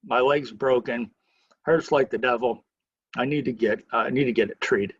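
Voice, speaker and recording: A man in a history talk speaking the lines of a charming, courtly Southern gentleman. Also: mid-range voice, moderate pace, husky, dull audio. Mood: pained. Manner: courtly and polite.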